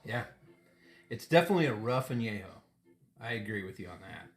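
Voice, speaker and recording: Middle-aged man, podcast host, low-pitched voice, rambling casual talk, laughs often, echoey room. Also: animated, fairly quick. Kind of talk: casual chat over a tequila tasting.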